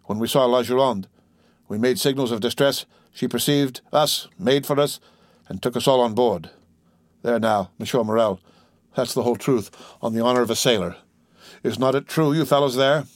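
Give me a man playing a plain-spoken old seaman, loyal and rough. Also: medium pitch, normal speed, no echo, clean studio sound, natural voice. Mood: recounting. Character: old sailor telling of a shipwreck.

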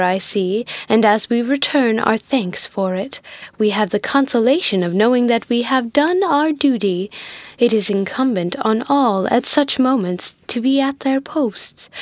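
A pompous, flustered older widow, voiced by a woman reading a novel aloud. She talks in a raised, higher voice with fussy dignity, and the sound is dry and close. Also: a little slow, hardly any pauses, no echo, lightly acted. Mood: dignified.

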